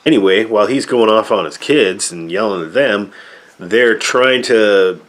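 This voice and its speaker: A man with a fairly low voice talks through a casual movie review. He rambles with many fillers and turns sarcastic and exasperated when he complains about the film. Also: measured pace.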